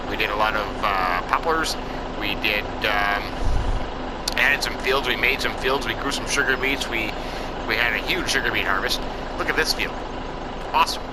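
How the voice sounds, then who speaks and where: A man's voice: mid-range voice, heavy background noise. A man playing a farming game in character as a farmer, commenting in a folksy, rambling way. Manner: folksy and rambling, with lots of "I tell ya" and "you know". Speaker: farming game let's-player. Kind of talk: in-character role-play commentary over gameplay.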